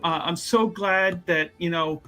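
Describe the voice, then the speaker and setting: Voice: medium pitch, steady tone, a little slow, pushed and bright, faint music behind. A tabletop player voicing a pathetic male rogue who fakes innocent piety, whining, pleading and stammering. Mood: relieved. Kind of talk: tabletop role-play.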